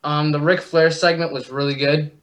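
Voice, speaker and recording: A man's voice: on the high side, steady tone, moderate pace, a bit bright, soft background music. A man calling in to a live show, easygoing and laughing, with frequent hesitant fillers. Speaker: caller.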